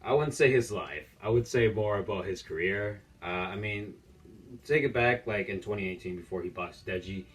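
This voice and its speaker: A man's voice: fairly low pitch, normal speed. A young man giving casual, mocking reaction commentary as a YouTuber, joking and ranting about the clips he watches. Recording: distant mic with faint music.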